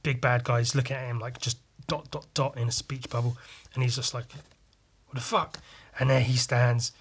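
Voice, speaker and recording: A man hosting a podcast, chatting casually and excitably, with lots of swearing and homemade sound effects. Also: mid-range voice, fairly quick, slightly rough. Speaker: podcast host and comic artist. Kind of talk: casual chat walking through comic pages.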